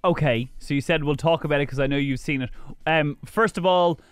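A man's voice: on the high side, brisk, clean tone, dry recording, clean studio sound, soft background music. Chatty male radio host. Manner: chatty, teasing, opinionated. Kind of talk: radio film review chat.

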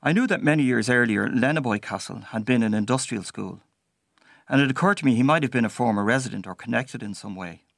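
Man telling a story, measured pace, gravelly voice, dry close sound. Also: mid-range voice, fairly bright tone, no room sound. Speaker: narrator. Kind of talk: personal story narration.

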